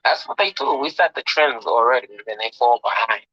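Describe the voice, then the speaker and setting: A man with a husky voice chiming in with jokes and teasing asides in casual podcast chat. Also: medium pitch, brisk, bright, forceful tone, no room sound. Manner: joking, laughs along, teasing asides. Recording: dull lo-fi sound.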